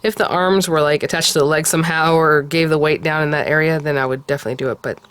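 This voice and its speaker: A woman hosting a card-making tutorial, talking casually and often cooing softly over how cute the pieces are. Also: low voice, steady tone, fast talker, smooth. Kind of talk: casual crafting tutorial talk.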